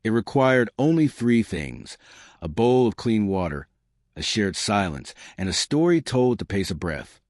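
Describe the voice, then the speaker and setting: A man narrating a scripted story in a slow, lyrical, measured way. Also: fairly low pitch, very animated, a little mellow, no echo, studio quality.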